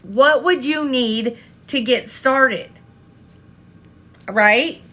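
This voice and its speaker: A woman's voice: sits high, very slow, fairly bright tone. A woman coaching an online audience, talking straight to viewers and firing rhetorical questions, often repeating herself. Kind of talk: live-stream coaching talk.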